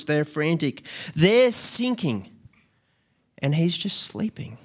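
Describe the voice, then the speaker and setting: A man's voice: a little high, expressive, takes it slowly. A man preaching a sermon in an earnest way, often restarting and repeating words as he goes.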